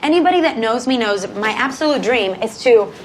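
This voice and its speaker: A woman's voice: on the high side, lively intonation, a little fast, slight background noise. A young woman in her twenties answering interview questions in a bubbly, giggly, chatty way, full of fillers, recorded outdoors in the countryside. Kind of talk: casual interview chat.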